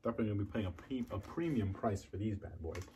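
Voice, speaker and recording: A man casually reviewing snacks on camera, chatting between bites and savoring each taste with drawn-out mm and oh yeah sounds. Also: on the low side, animated, dark tone, a little hiss or hum. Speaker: food reviewer.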